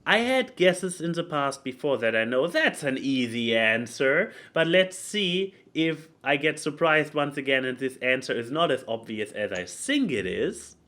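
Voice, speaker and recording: A man's voice: mid-range voice, very animated, measured pace, few pauses, pushed and bright. A man hosting a casual podcast chat, often stumbling and restarting his sentences. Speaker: podcast host.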